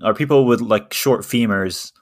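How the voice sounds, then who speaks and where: A man's voice: lowish voice, moderate pace. A man co-hosting a podcast, bantering casually with sarcastic jokes. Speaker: podcast co-host. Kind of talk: casual chat.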